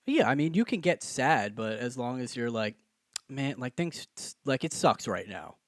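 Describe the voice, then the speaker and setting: A young man co-hosting a podcast in easy, jokey chat, breaking into excited bursts. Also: medium pitch, normal speed, no echo, studio quality. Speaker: podcast co-host. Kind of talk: casual chat.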